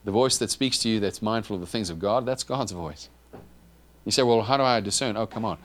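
This sermon comes from a man with a fairly low pitch and a brisk pace. He speaks in a lively, conversational manner, turning to the congregation with asides and frequently starting over.

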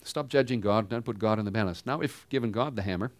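A pastor giving a sermon in a conversational style, asking the congregation rhetorical questions. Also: male voice, fairly low pitch, quick pace, dry recording.

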